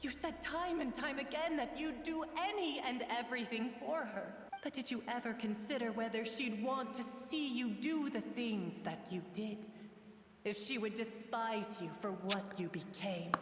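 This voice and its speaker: A cold spirit of many murdered women, voiced by a woman in a fantasy game, condemning in a solemn, measured tone. Her slightly high voice rings in a long hall reverb with faint noise behind it. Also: lightly acted.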